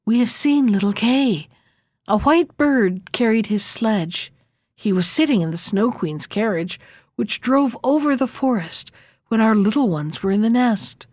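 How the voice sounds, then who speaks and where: A woman voicing a pair of mournful wood pigeons in a storybook reading, cooing in a high voice. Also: lively intonation, unhurried, a little mellow, dry recording.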